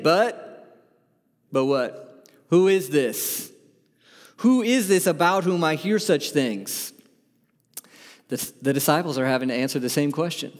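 A man's voice: fairly high pitch, in a large hall. A man preaching a sermon as pastor, earnest and emphatic, asking his listeners one question after another.

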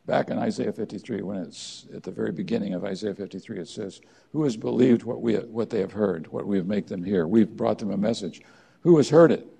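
A man preaching a sermon in church, earnest, with emphatic rises and quiet drops. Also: on the low side, brisk, creaky, slightly rough. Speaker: pastor.

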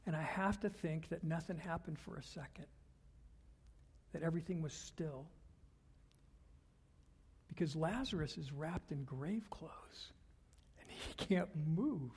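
A man preaching a sermon as a pastor, earnest, dropping to hushed whispers and rising to loud fervor. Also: on the high side, measured pace, slightly rough. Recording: long hall reverb.

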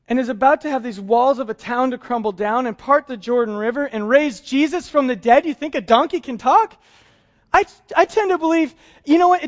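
A man's voice: very high voice, lo-fi sound. A man preaching a sermon in a conversational, humorous way, chuckling often. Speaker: pastor.

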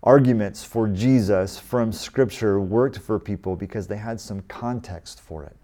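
A man's voice: on the low side, measured pace, mellow. A man in his forties from the United States preaching a sermon in a conversational way, lifting his voice when he quotes scripture. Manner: conversational, rising with emphasis when quoting scripture. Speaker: pastor.

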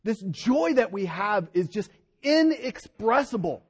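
A middle-aged male pastor preaching a sermon in an animated way, his voice rising and dropping for emphasis. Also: high voice, measured pace, breathy edge.

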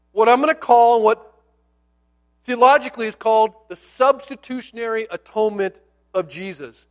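With an extremely high-pitched voice, a male pastor preaches through animated, conversational storytelling and playful asides. He sinks to almost a hush on key words.

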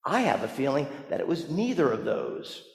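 A man's voice: mid-range voice, huge pitch swings, moderate pace. A man preaching a sermon as a pastor, telling the story with animation and asking the congregation rhetorical questions. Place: church sanctuary. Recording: echoey church hall with long reverb.

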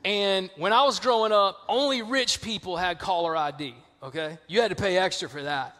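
A high-voiced Southern man preaching with casual, storytelling energy. His bright, cutting tone carries through a big room, and a long reverb trails every phrase. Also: moderate pace. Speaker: pastor. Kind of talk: sermon.

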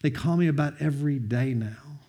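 A man sharing a personal testimony, earnest and heartfelt, often quoting others with lively bursts of emphasis. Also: on the high side, brisk. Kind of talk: heartfelt storytelling talk.

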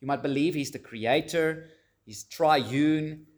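Earnest male preacher, slow emphatic stresses. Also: fairly high pitch. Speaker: pastor. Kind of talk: sermon.

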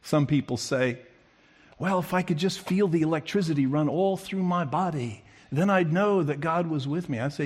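A man preaching a sermon who acts out the quoted speakers with big swings in pitch and loudness. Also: moderate pace, a little hiss or hum.

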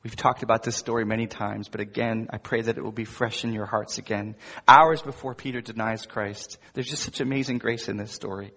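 A male pastor delivers a sermon with emphatic force, dropping at times to hushed, intimate asides. His voice is slightly husky, and it rings out with a long reverb in a large hall. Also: lowish voice, steady tone, brisk, few pauses. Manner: emphatic preaching with wide swings between loud emphasis and soft asides.

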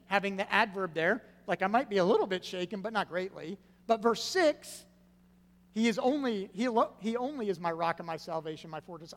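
Man, pastor, sermon, higher-pitched voice, loud emphasis then hushed drops, long reverb, faint hum. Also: normal speed. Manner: swings from loud emphatic stresses to hushed low phrases.

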